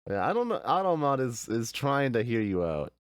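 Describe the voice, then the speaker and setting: A man's voice: mid-range voice, very animated, normal speed, no echo, studio quality. A man streaming a game, chatting casually and easygoing, answering his chat with frequent laughs.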